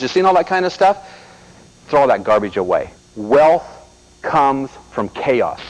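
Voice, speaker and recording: A middle-aged American man delivers a motivational seminar at a brisk, rapid clip. His voice sits at an ordinary middle pitch, and he tells animated stories while calling out directly to the crowd in front of him. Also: rough recording. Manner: animated storyteller addressing the audience directly. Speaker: seminar speaker.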